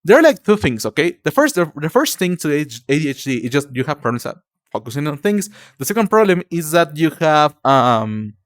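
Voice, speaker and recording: A man's voice: fairly high pitch, very animated, fairly quick. A young man with a Spanish accent, streaming live and chatting to viewers in a casual way, stumbling over his words and calling people cutie and darling. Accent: Spanish-speaking. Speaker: livestreamer.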